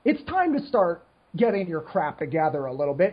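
A man's voice: on the high side, sing-song, brisk, breathy edge, lo-fi sound. A man in his late twenties on a casual podcast, ranting frankly and rambling with lots of restarts, short on sleep. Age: 20s. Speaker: podcast co-host. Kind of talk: casual rant.

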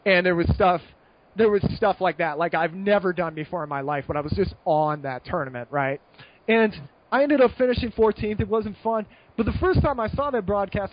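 A young American man telling a long story in a casual podcast chat, rambling and animated, with many fillers and restarts. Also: high voice, dull audio. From United States. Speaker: guest.

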